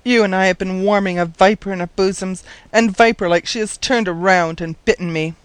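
A man putting on a sharp-tongued young housekeeper woman with a shrill, high-pitched voice, indignant and biting. The sound is close and dry, with no room around it. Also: steady tone, fairly quick, smooth, no echo, close to an everyday voice. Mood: furious.

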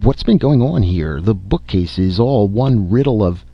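A man's voice: on the low side, lively intonation, a little slow, husky, no echo, dull audio, exaggerated voice. A man voicing a startled young boy exclaiming in surprise, in an audiobook reading. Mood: surprised.

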